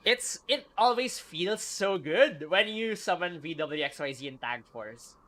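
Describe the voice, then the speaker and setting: A man live-streaming a video game, chatting casually with viewers, excitable and quick to laugh. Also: on the high side.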